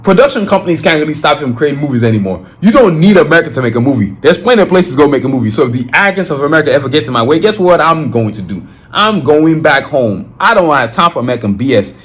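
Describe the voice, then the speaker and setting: A man's voice: a little high, sing-song, fast, hardly any pauses. A man with a Nigerian accent, hosting his podcast in an emphatic, fired-up solo monologue with frequent restarts. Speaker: podcast host.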